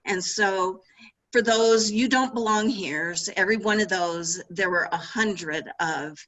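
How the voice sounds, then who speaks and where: Woman, middle-aged author, lively anecdotal storyteller; bright, slightly breathy tone. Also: medium pitch, a little slow, poor audio. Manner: animated anecdotes with laughter and restarts. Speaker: author and former sportswriter. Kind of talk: storytelling interview answers.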